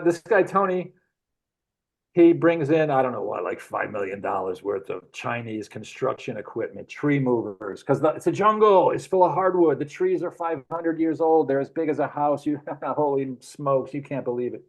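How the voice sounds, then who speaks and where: A man's voice: medium pitch, normal speed, rough recording. Chuckling man spinning rambling stories. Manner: animated, chuckling, rambling anecdotes. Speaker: guest. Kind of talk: casual storytelling.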